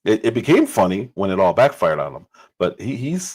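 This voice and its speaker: A man's voice: lowish voice, sing-song, moderate pace, a little mellow, husky, low-quality recording. A man hosting a livestream and giving casual political commentary. He talks emphatically and repeats phrases for stress.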